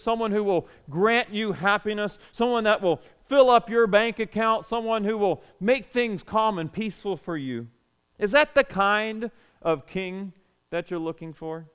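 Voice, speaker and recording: A pastor preaching an animated sermon, full of rhetorical questions, moving between loud and soft. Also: male voice, sits high, clear, resonant tone.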